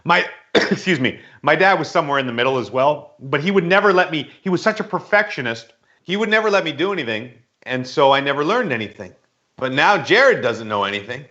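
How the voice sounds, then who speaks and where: A man's voice: on the high side, sing-song, brisk, bright, forceful tone, dull audio. A man co-hosting a casual podcast, telling stories about himself and laughing often. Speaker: podcast co-host.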